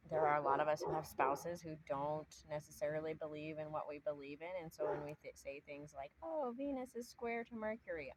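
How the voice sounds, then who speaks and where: A woman's voice: deep voice, slight background noise, poor audio. A woman hosting an astrology talk outdoors, speaking casually and earnestly, rambling with many fillers. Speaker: astrology channel host. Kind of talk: casual spiritual talk to camera.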